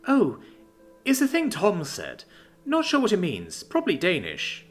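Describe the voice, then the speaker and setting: A man's voice: sits high, huge pitch swings, measured pace, faint music behind, voice pushed up, heavily acted. A man voicing Essie, the oldest of the huntresses, dry and teasing, in a raised, playful and wry voice. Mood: puzzled.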